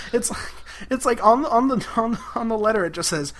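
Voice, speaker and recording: A man's voice: extremely high pitch, pushed and bright. A man co-hosting a podcast, recapping an episode in casual chat, enthusiastic and giggly with lots of fillers. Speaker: podcast co-host.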